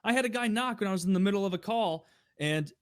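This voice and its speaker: A man co-hosting a podcast who tells stories in a dry, low-key way. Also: lively intonation, fast talker, no echo. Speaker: podcast co-host. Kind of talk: casual chat.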